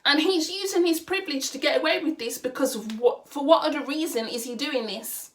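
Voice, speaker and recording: Young woman vlogging her opinions, high voice, fired up and keeps hammering the same question. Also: fairly quick, fairly bright tone. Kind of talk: opinion vlog rant.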